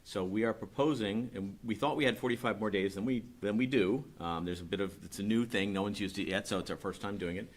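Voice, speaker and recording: Middle-aged man, very low voice, brisk and explanatory, public meeting presenter. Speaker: utility staff presenting a rate request.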